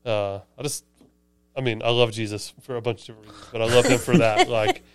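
A man's voice: mid-range voice, fairly even intonation, fast, clean tone, no room sound. A man co-hosting a church podcast, chatting casually and enthusiastically about a sermon. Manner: conversational, enthusiastic, explains with asides. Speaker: podcast co-host, church staff.

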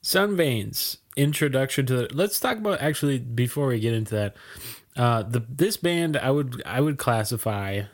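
A man's voice: medium pitch, expressive, moderate pace. Casual podcast co-host, man, 30s, mid-range voice, loose and rambling, video call. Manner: laid-back, rambling with fillers and laughs. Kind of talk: casual podcast chat about music.

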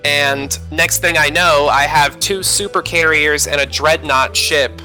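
A man from the American South with a very bright, forceful, sharp voice recounts a video game adventure. His casual podcast storytelling is full of "uh" fillers. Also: on the high side, fairly even intonation, unhurried, soft background music, rough recording. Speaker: podcast co-host. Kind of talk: casual gaming chat.

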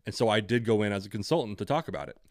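A young podcast co-host with a fairly low, darkish voice tells a story very fast in casual chat. He rants and swears freely, acting out both sides of the conversation. The recording is dry, with clean studio sound.

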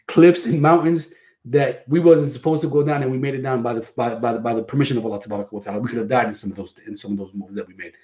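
A man's voice: medium pitch, warm tone. A middle-aged man from New Jersey, a guest imam, telling stories in an easygoing way and dropping in Arabic phrases. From New Jersey, USA. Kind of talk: casual interview talk.

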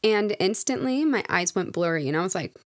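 A woman's voice: mid-range voice, expressive, a little fast, dry recording, clean studio sound. A woman in her twenties hosting a casual solo podcast, telling a personal story in a candid, reflective way with plenty of "like" fillers. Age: 20s. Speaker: podcast host.

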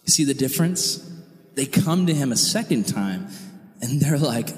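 A man preaching a youth sermon to high school students, animated and slangy, acting out quotes as he goes. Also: measured pace, echoey room, in a large hall. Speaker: youth pastor.

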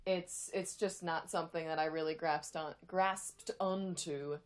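A woman's voice: sits low, fairly even intonation, a little slow. A young woman co-hosting a podcast in casual chat, thoughtful and rambling. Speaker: podcast co-host.

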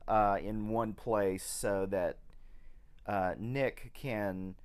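A man co-hosting a podcast, chatting casually about an old film in a hesitant way, with many pauses and restarts. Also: lowish voice, steady tone, a little mellow, clear, resonant tone. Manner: slow, hesitant, full of ums and restarts. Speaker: podcast co-host.

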